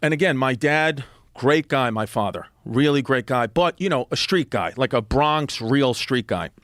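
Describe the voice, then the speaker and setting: A man, an animated comedian telling a story on a podcast, quoting people as he goes. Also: medium pitch, moderate pace, dry recording, clean studio sound. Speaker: guest comedian. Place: podcast studio.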